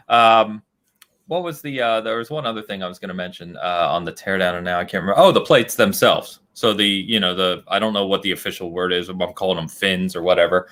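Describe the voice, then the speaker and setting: A man's voice: low voice, a little fast, a bit bright. A man co-hosting a podcast, talking casually and animatedly, laughing often and thinking aloud with fillers. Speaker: podcast co-host.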